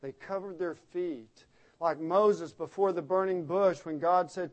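A man's voice: high voice, a little slow. A man preaching an expository sermon, explaining the text earnestly and stressing key words by repeating them.

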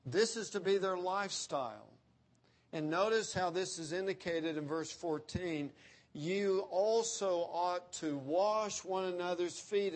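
A man preaching an expository sermon, slowing down to quote scripture and stressing key words. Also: high voice. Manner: emphatic, slows down to quote scripture. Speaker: pastor.

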